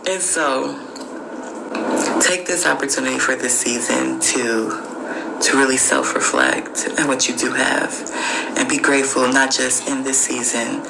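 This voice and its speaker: A woman's voice: rumbling low, fairly even intonation, measured pace, vocal fry, over loud music. A woman podcast host giving an emphatic, repetitive motivational spiritual monologue. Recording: noisy screen recording.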